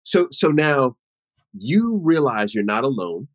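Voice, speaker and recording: A man's voice: mid-range voice, very animated, slow pace, dry recording. A man hosting an interview, asking earnest, probing questions and slipping in playful asides. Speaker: interview host. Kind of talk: conversational interview.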